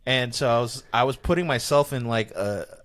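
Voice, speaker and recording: A man, a comedian, talking casually on a podcast, rambling and animated, with many restarts. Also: mid-range voice, moderate pace. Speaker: comedian guest.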